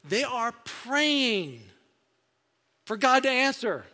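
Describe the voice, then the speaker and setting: A man's voice: very high-pitched, big pitch swings, very slow, bright, forceful tone. A man preaching a sermon as pastor in a conversational storytelling way, acting out little voices. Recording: long reverb in a hall.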